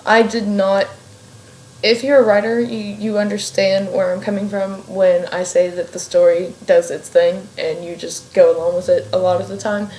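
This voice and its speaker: A fiction writer from Ohio chats casually on her vlog from a room at home, wandering off on tangents and swearing freely. She speaks at a moderate pace with a medium-pitched, mellow voice and flat delivery, and the room is echoey with faint ambient noise.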